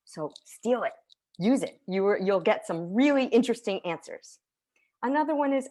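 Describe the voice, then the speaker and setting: A woman teacher giving an online conference talk over a video call, lively and conversational, with frequent check-ins of "right?" and soft laughs. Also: medium pitch, normal speed.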